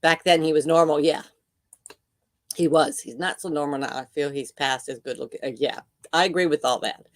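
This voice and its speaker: Older woman host, chatty, deep slow voice, dry close sound. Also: fairly even intonation, dry recording. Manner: chatty, reacting to viewer comments. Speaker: livestream host. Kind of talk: casual chat.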